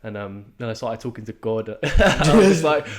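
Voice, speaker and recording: A young man, telling a race story in casual podcast chat, swearing freely and acting out his own shouts. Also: medium pitch, very animated, normal speed. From England. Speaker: podcast co-host. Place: podcast studio.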